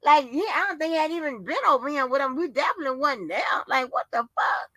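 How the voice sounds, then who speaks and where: A woman hosting her own livestream, ranting with a high, bright voice that swings widely up and down. She curses freely and fires off exasperated rhetorical questions. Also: expressive, fast talker, no room sound. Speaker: livestream host. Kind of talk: casual ranting monologue.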